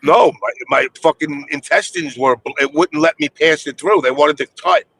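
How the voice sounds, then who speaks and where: A man streamer telling a crude story in casual chat, animated, with put-on voices for the people in it. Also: a little high, normal speed, rough recording.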